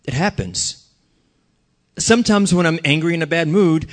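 Male pastor, slightly high voice, earnest conversational sermon delivery. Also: animated, normal speed. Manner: earnest, conversational preaching with questions to the congregation.

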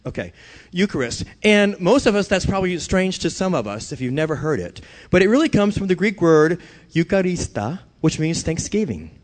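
A man with a notably high voice delivers a sermon to his congregation. He is middle-aged and talks in a loose, conversational way, then swells into emphatic declarations to drive his points home. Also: very animated, fairly quick. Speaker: pastor.

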